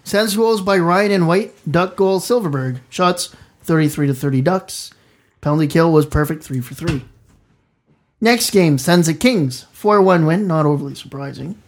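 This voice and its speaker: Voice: medium pitch, moderate pace. A co-host reading hockey game recaps in a casual podcast, joking and laughing between lines.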